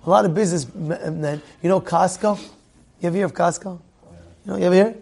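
A man giving a sermon as a rabbi, animated, acting out little dialogues and repeating phrases. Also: high voice, quick pace, gravelly, slightly rough. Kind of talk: sermon with storytelling.

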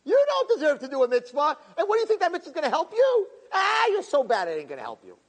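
A man voicing a sneering male tempter spirit who fires off mocking, shouted questions. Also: extremely high pitch, huge pitch swings, fast talker, long reverb tail, voice pushed up, heavily acted. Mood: mocking, shouting. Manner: taunting, shouted rhetorical questions.

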